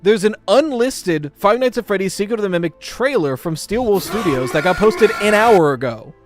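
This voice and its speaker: A man chatting casually on a live stream, reacting to a game trailer in an animated, excitable way and swearing casually as he talks to his chat. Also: sits high, normal speed, music in the background.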